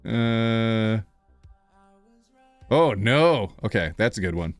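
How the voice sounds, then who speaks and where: An excitable man chatting live to his viewers from a home office, his voice swooping up and down in pitch. He laughs often and breaks into happy squeals. Faint music plays underneath. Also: slow, no echo. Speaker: livestream host. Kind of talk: casual live-stream chat.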